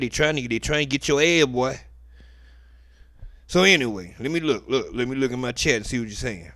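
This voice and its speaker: Bright-voiced, emphatic man streaming commentary. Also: medium pitch, expressive, normal speed, no echo. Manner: emphatic, profane, slangy, keeps addressing the defendant as "boy". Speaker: online commentator. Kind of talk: live stream commentary on a court video.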